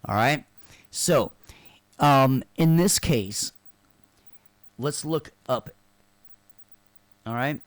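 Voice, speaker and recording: A man's voice: medium pitch, drawn-out words, pauses often, dry recording. A man teaching a casual online class, loose and joking, who keeps checking in with his students by asking "right?". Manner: checks in with frequent "right?" tag questions; loose and joking, with sarcastic asides. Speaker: instructor.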